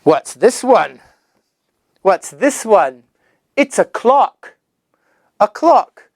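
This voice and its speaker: A man teaching young children English vocabulary, sing-song and animated, drawing out and repeating each word. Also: sits high, no echo, studio quality. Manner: animated, sing-song, drawn-out repetition of words.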